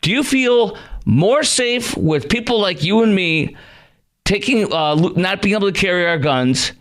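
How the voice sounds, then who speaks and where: A man's voice: sits high, lively intonation, unhurried, a bit bright. A man hosting a call-in radio talk show, ranting with heated indignation and stumbling over his words. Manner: heated, indignant, stammers and restarts. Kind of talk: angry call-in radio rant. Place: radio studio.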